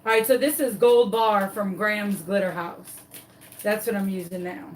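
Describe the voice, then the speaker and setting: A woman's voice: mid-range voice, fairly even intonation, normal speed, recorded from a distance, a little hiss or hum, poor audio. A woman, a crafting vlogger telling a dramatic story while she works on a craft tutorial.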